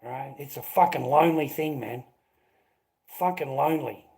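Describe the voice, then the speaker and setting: An Australian livestream host chats casually with viewers, handing out blunt advice, swearing constantly and calling everyone mate. His mid-range voice is gravelly and a little mellow, at a normal speed.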